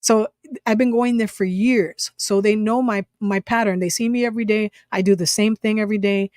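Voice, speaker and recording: A woman's voice: mid-range voice, steady tone, moderate pace, a little mellow, dry recording, clean studio sound. A woman casually retelling a personal encounter, acting out the lines of the people in it, with lots of fillers, restarts and swearing. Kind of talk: casual storytelling.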